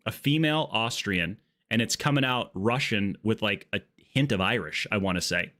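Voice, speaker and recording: A man's voice: on the low side, lively intonation, moderate pace, pushed and bright. A man hosting a live gaming stream, chatting casually and joking as he wanders off on tangents. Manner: rambling, joking, goes off on tangents. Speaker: livestream gaming host. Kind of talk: casual live gameplay chat. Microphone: earbud mic.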